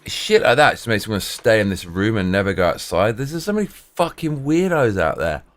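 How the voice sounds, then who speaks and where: A man's voice: fairly low pitch, big pitch swings, a little fast. A man streamer telling rambling, profane stories in casual chat, full of restarts and swearing.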